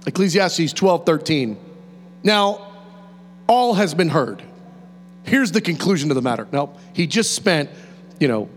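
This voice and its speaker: A man preaching a sermon in an animated, conversational way, with restarts and quick laughs. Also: fairly high pitch. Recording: reverberant hall, faint mains hum.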